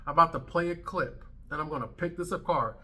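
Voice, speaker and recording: Man in his thirties, vlog host; brash emphatic rant, bright tense tone. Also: fairly high pitch, fast. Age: 30s. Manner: brash, emphatic, swearing freely. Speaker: commentary channel host. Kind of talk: ranting commentary vlog.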